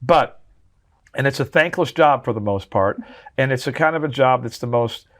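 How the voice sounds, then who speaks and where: A man's voice: medium pitch, normal speed, fairly bright tone. Earnest man in his sixties. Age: 60s. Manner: earnest, heartfelt storytelling with frequent restarts. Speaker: drummer and memoir author, guest. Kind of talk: interview conversation.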